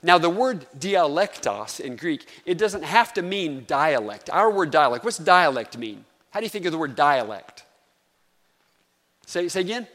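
A man's voice: on the high side, very animated, unhurried, a bit bright, long reverb tail. A man from North Carolina with a Southern accent, preaching a sermon as pastor in a conversational way and putting questions to the congregation. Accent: Southern American, North Carolina.

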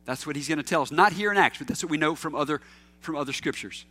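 Pastor, male, middle-aged; high, forceful voice, easygoing anecdotal preaching with fillers. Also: fast. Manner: casual and anecdotal, with fillers and repeats. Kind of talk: conversational sermon.

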